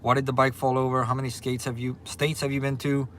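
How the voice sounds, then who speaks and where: A livestream host from Louisiana talks fast in a medium-pitched voice, casually chatting and reading viewer comments in a laid-back Southern drawl. A little hiss or hum runs under the audio.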